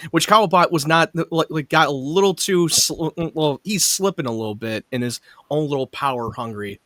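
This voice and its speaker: A man's voice: on the high side, normal speed, no room sound. A man co-hosting a TV recap podcast, chatting eagerly, laughing a lot and swearing now and then. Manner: excited, laughing often, swearing. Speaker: podcast co-host. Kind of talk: casual chat.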